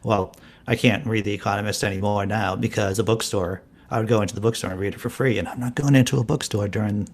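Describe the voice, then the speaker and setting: A man's voice: fairly low pitch, fairly even intonation, fast talker. A man co-hosting a casual live-stream chat, telling rambling stories with frequent restarts. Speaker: co-host.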